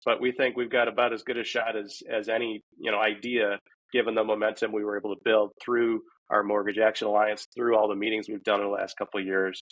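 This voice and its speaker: Low flat-voiced guy, dry sound, chatty, lots of restarts. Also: fast, dry recording, poor audio. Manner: conversational, restarts often, chuckles. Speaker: guest, housing policy advocate. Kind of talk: casual podcast interview answer.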